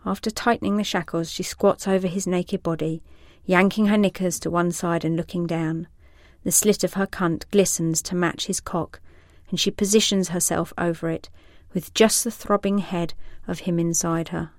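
A woman reads an adult story in a slow, sensual, measured voice. Her voice sits low. The recording is dry and intimate, with no room sound. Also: steady tone, darkish tone, no room sound. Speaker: narrator. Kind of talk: scripted erotic story narration.

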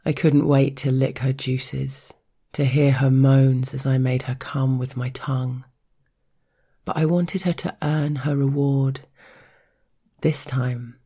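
A woman narrating an intimate audio story in a soft, unhurried, partly whispered delivery. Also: very deep voice, husky.

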